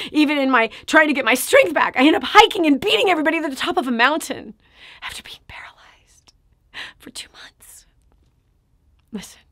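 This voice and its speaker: A woman giving an emotional preaching testimony, swinging from loud exclamations to hushed whispers. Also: sits high, no echo, clean studio sound. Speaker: Christian speaker giving a healing testimony.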